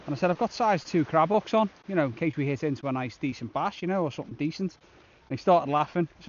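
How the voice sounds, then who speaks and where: A man's voice: fairly high pitch, animated, quick pace, highs cut off. A man vlogging a shore fishing trip outdoors on a beach, chatting casually and upbeat to the camera. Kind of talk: casual outdoor vlog narration.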